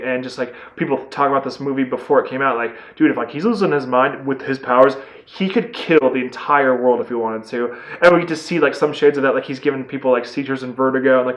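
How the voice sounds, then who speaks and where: A man giving a casual, excitable movie review, rambling with lots of fillers. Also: medium pitch, roomy sound.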